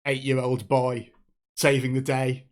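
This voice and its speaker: A man's voice: medium pitch, completely flat delivery. Man rambling playfully through a game. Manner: halting, playful, many restarts. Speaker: player. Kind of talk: tabletop role-play chat.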